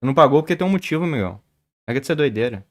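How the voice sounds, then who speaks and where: This Portuguese-speaking chess streamer has an expressive, medium-pitched voice and talks very fast. He chats casually with viewers, stammering and repeating words often.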